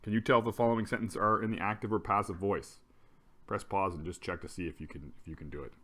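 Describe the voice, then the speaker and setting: A male teacher explaining a grammar lesson in a relaxed way, often restarting his sentences. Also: on the low side, quick pace.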